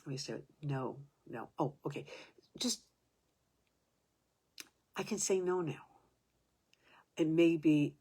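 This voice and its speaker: A woman in her seventies telling a personal story in a halting way, restarting sentences and sometimes dropping to a whisper. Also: deep voice, warm tone, slightly rough. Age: 70s.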